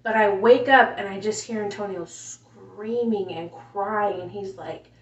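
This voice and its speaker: A woman telling a painful personal story in a casual way, softly and emotionally, with many fillers. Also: medium pitch, a little slow. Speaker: mother telling her story. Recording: roomy, distant, dull home recording.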